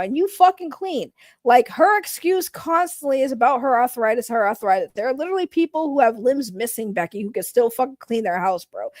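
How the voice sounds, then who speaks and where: A woman's voice: on the high side, darkish tone, dry recording. A woman streamer ranting in casual commentary, heated and profane, repeating her points.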